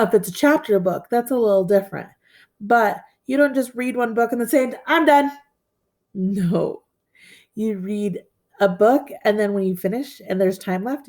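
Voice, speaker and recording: A woman teacher giving a recorded lesson to first graders, slow and encouraging, repeating key phrases. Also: on the high side, darkish tone. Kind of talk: recorded lesson for young children.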